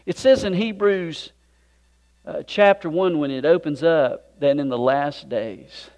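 Dynamic preacher, loud then hushed. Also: male voice, a little high, measured pace. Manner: swings from loud emphatic preaching to hushed near-whisper; folksy, conversational asides. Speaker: pastor. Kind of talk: sermon.

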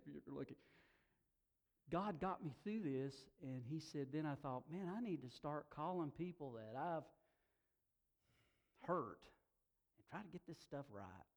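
A man's voice: medium pitch, expressive, moderate pace. A middle-aged man preaching a sermon, telling personal stories with laughs and building to emotional, emphatic peaks. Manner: warm storytelling, with laughs and emotional swells. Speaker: pastor.

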